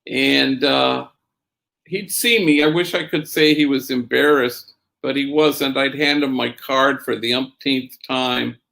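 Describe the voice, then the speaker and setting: Man, middle-aged, gravelly voice, storytelling talk, Spanish slang in the mix. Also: mid-range voice, measured pace. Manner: tells stories with Spanish slang phrases mixed in; quotes others in a raised, lively voice. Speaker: priest and speaker.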